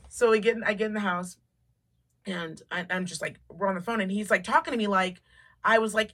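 Woman podcast co-host, animated and profane storyteller, bright forceful voice, mid pitch. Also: fairly quick. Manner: animated storyteller, swears freely, acts out quotes. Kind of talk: casual chat.

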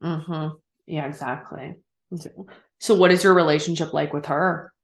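A woman hosting a podcast interview, asking questions and affirming her guest gently. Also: sits low, steady tone, measured pace, vocal fry, reverberant. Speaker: podcast host.

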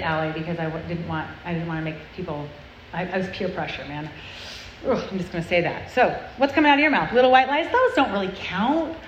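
A woman's voice: fairly low pitch, a little hiss or hum. A woman giving an earnest, confessional talk to a group of girls, conversational and full of tag questions. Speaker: speaker at a girls' church event. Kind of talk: sermon. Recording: roomy, muffled sound with faint ambience.

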